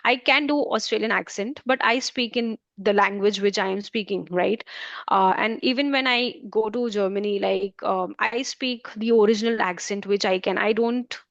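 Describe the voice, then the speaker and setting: An Indian woman with an Indian accent talks through interview answers, rambling with many fillers and restarts. Her voice sits at a middle pitch, recorded dry and a little dull. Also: normal speed, vocal fry, dry recording. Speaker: guest, German language trainer.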